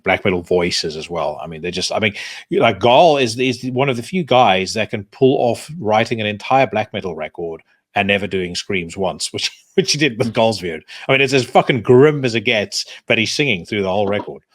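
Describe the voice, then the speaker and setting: Low-voiced male podcast host. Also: a bit bright, dry recording, clean studio sound. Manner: talkative, frequent restarts, swearing. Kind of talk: casual interview chat.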